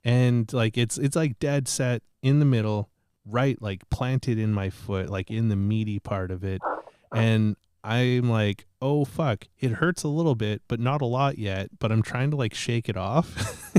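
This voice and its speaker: A man's voice: lowish voice, unhurried, a little mellow, clear, resonant tone, no echo, clean studio sound. A man telling a rambling, profane, self-mocking story in casual podcast chat.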